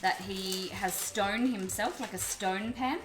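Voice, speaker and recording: A woman's voice: medium pitch, slow pace, noisy background. An Australian woman from Melbourne hosting a live cooking stream, chatting casually with viewers as she cooks. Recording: roomy echo with music behind.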